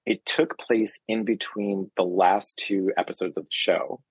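A chatty, playful man with a slightly low, husky voice, speaking as a guest on a casual podcast. The sound is dry and close. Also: fairly even intonation, unhurried, no echo, rough recording. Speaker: guest author.

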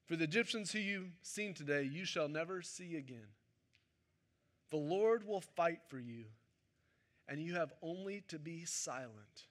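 Bright, high-voiced man preaching a sermon. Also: animated, a little slow. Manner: conversational, joking with the congregation. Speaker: pastor.

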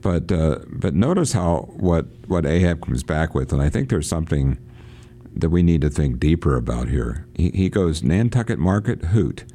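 Low, mellow man reading aloud. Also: expressive. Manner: reads quoted passages aloud, halting with restarts. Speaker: radio host reading and discussing a novel. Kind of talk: casual reading and discussion on radio. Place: church.

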